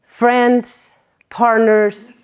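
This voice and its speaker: A woman speaking to a conference audience in a loose, conversational way. She keeps dropping in "like" and quick asides to the room. She often acts out both sides of her talks with patients. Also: a little high, smooth. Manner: lively storyteller who acts out dialogue with patients; chatty, fills speech with "like" and asides to the audience. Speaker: chiropractor giving a conference talk. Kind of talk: conference presentation. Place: conference hall stage.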